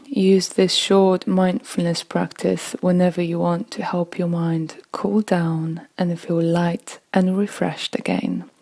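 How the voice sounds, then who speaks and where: A woman leading a guided relaxation visualization, speaking slowly and soothingly with long pauses. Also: on the low side, little pitch movement, gravelly, dark tone, rough recording. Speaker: yoga and meditation guide.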